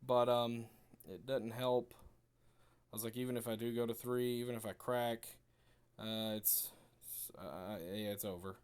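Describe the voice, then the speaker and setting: A young man casually recapping a card game match, chatty and relaxed, acting out both players' remarks. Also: medium pitch, measured pace, clean tone. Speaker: card game video creator.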